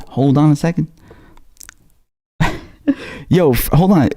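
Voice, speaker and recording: A man with a raspy voice hosting a live stream, talking casually and slangily with halting restarts as he reads out viewer messages. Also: on the high side, warm tone. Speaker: livestream host.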